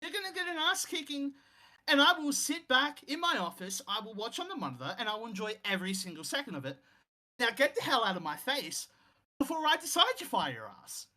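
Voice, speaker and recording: A man's voice: very high-pitched, sing-song, moderate pace, bright, forceful tone, pitched above the performer's own voice, full character voice. A man playing an angry male wrestling promoter who rants and threatens an employee, in a game commentary role-play. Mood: furious.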